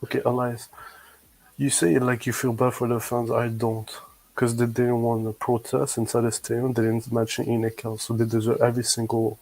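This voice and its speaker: A man's voice: mid-range voice, completely flat delivery, moderate pace, a little mellow, no room sound, poor audio. A man on a fan podcast, speaking bluntly and without sympathy. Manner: blunt, unsympathetic. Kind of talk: casual fan podcast chat.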